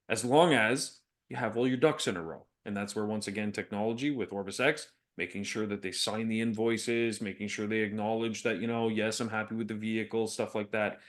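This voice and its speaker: A man co-hosting a business podcast, talking casually, telling stories and laughing often. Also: fairly low pitch. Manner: chatty, laughs often, storytelling. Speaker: podcast co-host.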